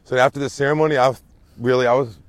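A man casually telling a story to friends in an animated, profane, emphatic way. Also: mid-range voice, very fast, no room sound. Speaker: storyteller in a group chat.

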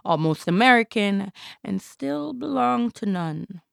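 Gravelly-voiced woman performing a theatrical monologue. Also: medium pitch, expressive, measured pace, no room sound, studio quality. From Jamaica. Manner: intense and theatrical. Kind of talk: dramatic spoken-word monologue.

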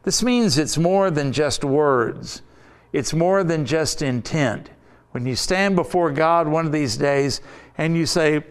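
A male pastor delivers a sermon in an unhurried, measured way, pressing each point home through repetition. His voice sits slightly high for a man and comes across smooth and resonant. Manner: deliberate, emphatic preaching with repetition.

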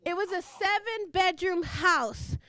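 A woman's voice: extremely high pitch, takes it slowly, pushed and bright, dry recording, clean studio sound. A woman preaching a fervent sermon, repeating phrases and laughing between lines.

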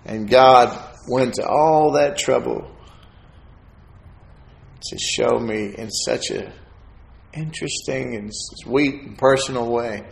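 A man's voice: mid-range voice, takes it slowly, vocal fry, long pauses, roomy sound. A man preaching a testimony, telling a folksy story and acting out the voices of the people in it. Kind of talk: sermon testimony.

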